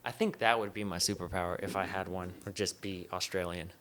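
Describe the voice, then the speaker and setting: A man's voice: low-pitched, fairly even intonation, brisk, a bit bright, a little hiss or hum. A young man hosting a podcast, chatting casually in a rambling, laid-back way with frequent swearing and laughter. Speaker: podcast host. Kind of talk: casual chat.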